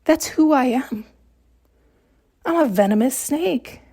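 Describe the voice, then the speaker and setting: A woman voicing a cold, unrepentant venomous snake in a spoken parable, speaking bluntly and matter-of-factly in a slightly high voice. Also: animated, takes it slowly, dark tone, breathy edge, heavily acted.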